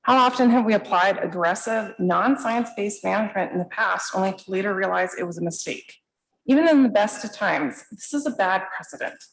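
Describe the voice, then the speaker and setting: Woman from Montana, public commenter, measured and firm, gravelly fry in the voice. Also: medium pitch, low-quality recording. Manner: measured, firm, reads prepared remarks.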